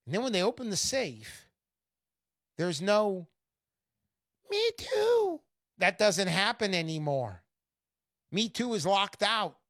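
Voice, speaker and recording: Woman, persuasive sales pitch, mocking, emphatic, lively swooping pitch, dry close sound. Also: a little slow, pauses often, dry recording. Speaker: gold investment promoter.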